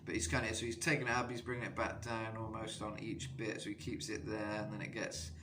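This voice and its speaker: A man's voice: fairly low pitch, brisk. A man giving a casual vocal analysis lesson as a coach, rambling with lots of fillers. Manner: rambling, filler-heavy, bursts into sung demos. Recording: steady background noise.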